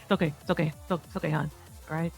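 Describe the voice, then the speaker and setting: A woman imitating a male friend who keeps calmly soothing her, repeating himself. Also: deep voice, rapid-fire, vocal fry, soft background music, voice pushed down. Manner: soothing, repetitive.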